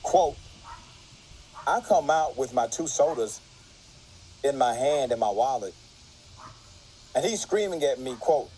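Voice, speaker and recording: A man reads a news article aloud and stops to explain the law along the way. He marks each quotation carefully by saying quote and end quote. His voice is dark and mellow, and it sits at an average pitch for a man. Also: lively intonation, unhurried, pauses often, a little hiss or hum, rough recording. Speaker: legal commentary narrator.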